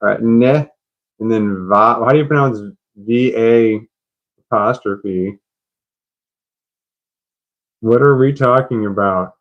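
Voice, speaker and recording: A man's voice: fairly low pitch, slow, long pauses, highs cut off. A man chatting on a live stream, puzzled and rambling, laughing at himself.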